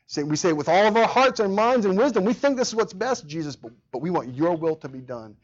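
A man's voice: high voice, animated, a little fast. Earnest male preacher, lo-fi sound. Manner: earnest, repeats words, acts out quoted prayers. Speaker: pastor. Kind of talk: sermon.

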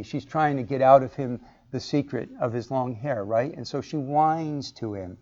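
A man's voice: mid-range voice, moderate pace, few pauses, darkish tone. A man teaching a Bible class, asking the group questions and acting out the lines he quotes. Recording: muffled lo-fi recording.

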